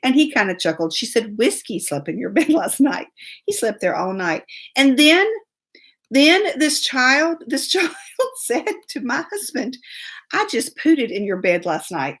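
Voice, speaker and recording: A woman's voice: a little high, very animated, unhurried, a bit bright. A woman hosting a live show, telling a long story in a chatty, laughing way and greeting commenters as she goes. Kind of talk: casual storytelling live stream.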